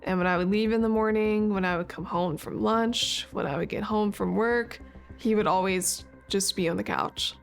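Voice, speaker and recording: Female interviewee, creaky tone, brisk matter-of-fact telling. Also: medium pitch, soft background music. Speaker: interviewee, victim's roommate. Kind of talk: interview testimony.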